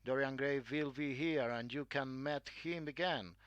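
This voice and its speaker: A man's voice: medium pitch, measured pace, fairly bright tone, no echo, highs cut off, pitched above the performer's own voice, natural voice. A man voicing a chatty, gossipy elderly aristocratic aunt in a read-aloud story.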